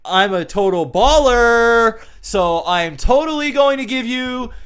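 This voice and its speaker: A man putting on a shrill, boastful woman talk-show mogul, drawing out and yelling his words. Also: animated, slow pace, clean tone, heavily acted.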